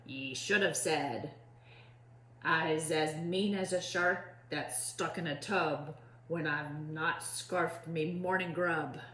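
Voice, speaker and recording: A woman's voice: sits low, fairly even intonation, takes it slowly, fairly bright tone, roomy sound. A woman voicing an impatient, bossy male pirate captain who bellows in pirate slang. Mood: gruff.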